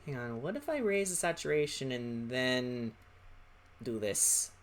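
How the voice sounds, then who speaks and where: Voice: mid-range voice, expressive, unhurried, a little hiss or hum. A streamer chatting casually while drawing, rambling and hesitant with lots of fillers. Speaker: streamer and artist.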